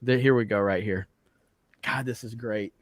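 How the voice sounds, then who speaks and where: A man's voice: mid-range voice, steady tone, normal speed. A man hosting a casual podcast chat, rambling with lots of filler words and laughing often. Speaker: host.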